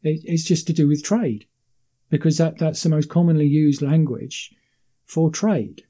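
Man with a mellow, warm voice explaining. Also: a little high. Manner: measured, explanatory, with frequent repeated words. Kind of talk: casual conversation.

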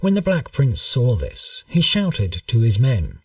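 A man narrating a history story in a measured, storytelling manner. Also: mid-range voice, wildly swooping pitch, no echo, distant mic.

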